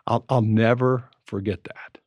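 A man's voice: mid-range voice, fairly even intonation, a little slow, darkish tone, no echo, highs cut off. Reflective man in his seventies. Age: 70s. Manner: storytelling, reflective. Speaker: podcast co-host. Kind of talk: casual conversation. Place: Colorado.

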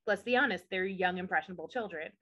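A woman's voice: lowish voice, fast talker, a bit bright, highs cut off. A woman co-hosting a podcast, chatting casually and opinionatedly as she recaps a show, with many asides. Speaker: podcast co-host.

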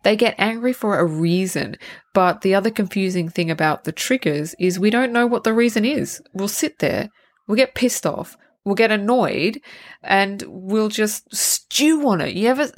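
A woman's voice: medium pitch, animated, normal speed. A woman hosting her own solo spiritual podcast, talking candidly and rambling, with casual swearing and frequent restarts. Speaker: podcast host.

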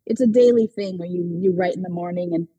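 Very husky woman sharing on a call. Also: fairly low pitch, no room sound, poor audio. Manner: halting, many restarts and soft laughs. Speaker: call participant. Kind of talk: casual personal sharing. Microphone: video call.

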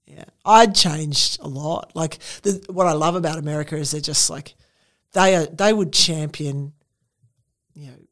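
A woman's voice: deep voice, measured pace, a bit bright. An Australian woman guest talking casually in an interview, chatty with lots of fillers and laughter.

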